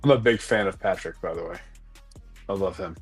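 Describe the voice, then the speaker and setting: A man guest-hosting a casual live bourbon stream, enthusiastic, quick to laugh and swearing freely. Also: deep voice, slightly rough, soft background music. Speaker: guest co-host, bourbon reviewer. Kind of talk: casual livestream chat.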